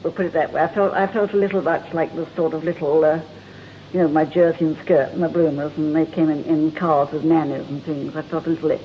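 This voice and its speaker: A woman's voice: deep voice, fairly even intonation, fairly quick. An older woman from England, a guest on a talk show, telling stories in a chatty way and laughing often. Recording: dull lo-fi broadcast with faint hiss.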